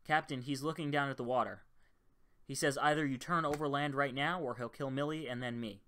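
A man's voice: mid-range voice, fairly even intonation, fairly quick, fairly bright tone, voice pushed up, natural voice. A man doing a tense young stewardess. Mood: frightened. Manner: tight, strained and urgent. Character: young female flight attendant, tense under threat.

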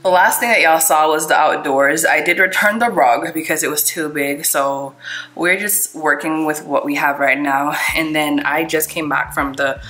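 Excitable woman vlogging at home. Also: low-pitched, moderate pace, echoey room, poor audio. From Jamaica. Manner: excitable, talks straight to viewers. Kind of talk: casual vlog chat.

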